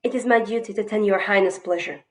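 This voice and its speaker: A woman's voice: medium pitch, steady tone, quick pace, lightly acted. A woman playing a humble archbishop. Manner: humble, deferential. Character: humble archbishop facing charges. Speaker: stage actor. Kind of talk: Shakespearean stage acting.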